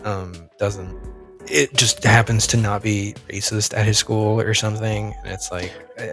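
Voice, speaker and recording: A man co-hosting a movie podcast, talking casually and haltingly with lots of fillers and restarts. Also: on the low side, steady tone, fairly bright tone, faint music behind. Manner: hesitant, many fillers and restarts. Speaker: podcast co-host. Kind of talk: casual chat.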